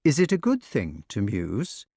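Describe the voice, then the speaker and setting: A man's voice: on the low side, wildly swooping pitch, measured pace, a little mellow, breathy edge, no room sound, clean studio sound, pitched below the performer's own voice, exaggerated voice. A man voicing a curious, tender-hearted young boy who speaks politely and hesitantly, in an audiobook.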